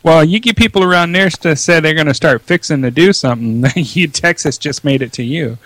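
A man's voice: on the high side, fairly quick, fairly bright tone, no room sound. A man co-hosting a casual podcast chat, dry and teasing, fond of playful wordplay. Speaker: podcast co-host.

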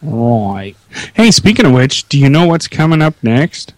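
A man's voice: mid-range voice, very animated, unhurried, no room sound. A man co-hosting a show in casual chat, easygoing and laughing along. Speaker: podcast co-host.

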